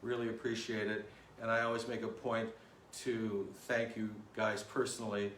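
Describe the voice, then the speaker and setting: A man hosting a music live stream, talking in a relaxed, chatty way with many fillers. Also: fairly low pitch, moderate pace, slight background noise. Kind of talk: casual live-stream chat. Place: home room. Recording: roomy echo, distant mic, guitar behind.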